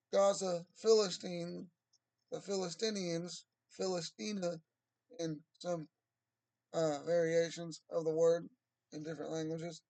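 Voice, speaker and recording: Man, gravelly high voice, rambling heated rant, dry close sound. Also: no room sound, low-quality recording. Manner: agitated, rambling, bursts into shouting.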